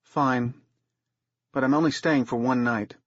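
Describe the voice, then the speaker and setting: A man voicing an injured, stubborn teenage girl who answers in clipped, guarded lines, raising his voice higher for her. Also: fairly even intonation, unhurried, no room sound, lightly acted. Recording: dull, muffled recording.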